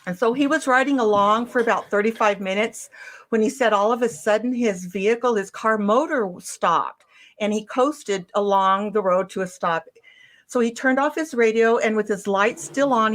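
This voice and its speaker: Woman investigator, case walkthrough, mid-pitched, halting restarts. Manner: recounts a witness account step by step, with frequent restarts and ums. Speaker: UFO case investigator presenting a case. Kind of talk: case presentation to a host.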